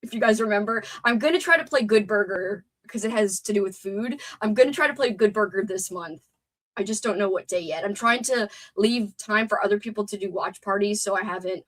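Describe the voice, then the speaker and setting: A woman's voice: mid-range voice, fairly bright tone. A young adult woman with a stuffed-up nose, hosting a chatty, wordy livestream and reading out chat comments. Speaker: livestream host.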